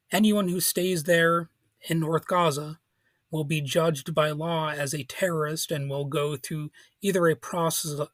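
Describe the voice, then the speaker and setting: Male podcast host, somewhat high voice, informal and halting, dry recording. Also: dry recording. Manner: informal, halting, with restarts and soft laughs. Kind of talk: casual political commentary.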